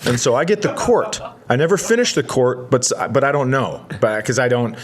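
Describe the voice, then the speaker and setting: A man co-hosting a podcast, telling a rambling comic story with self-mocking asides and deadpan punchlines. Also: mid-range voice, brisk.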